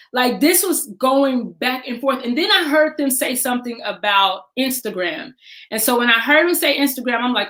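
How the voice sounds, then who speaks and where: Woman storyteller, forties, fairly high voice, lively and laughing, roomy echo. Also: normal speed. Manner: animated, laughing, acts out quoted voices. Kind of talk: personal storytelling. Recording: echoey room.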